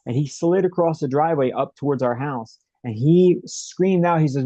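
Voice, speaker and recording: A man's voice: a little high, moderate pace, warm tone, no room sound, dull audio. A man being interviewed from home over a video call, telling a story vividly and often checking in with "right?". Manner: vivid retelling, frequent "like" and "right?". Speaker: interview guest. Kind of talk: animated storytelling.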